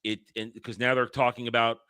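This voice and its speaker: Guy hosting a casual podcast, halting way of talking, crisp bright voice, dead dry sound. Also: medium pitch, no echo. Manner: hesitant, rising to excited. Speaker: podcast host. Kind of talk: casual chat.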